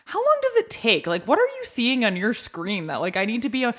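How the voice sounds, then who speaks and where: A woman co-hosting a podcast, telling a story in casual chat, animated and swearing as she acts out her own yelling. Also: a little high, fairly quick. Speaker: podcast co-host.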